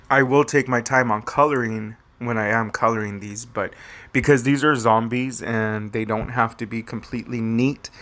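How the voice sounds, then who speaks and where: Low-voiced male craft host, chatty and rambling. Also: a bit bright. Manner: chatty, rambling, fond of pet phrases. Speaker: papercraft tutorial host. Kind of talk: casual step-by-step craft demo.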